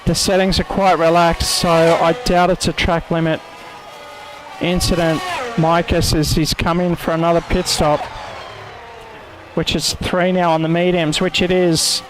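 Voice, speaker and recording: A man with a high, fairly even voice calls a sim race live, running through the corners lap by lap and tracking gaps and penalties. He jokes about his bad Italian pronunciation. A faint hiss of noise sits under his voice. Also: unhurried. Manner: narrates corners with self-mocking attempts at an Italian accent. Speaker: race commentator. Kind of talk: sim racing commentary.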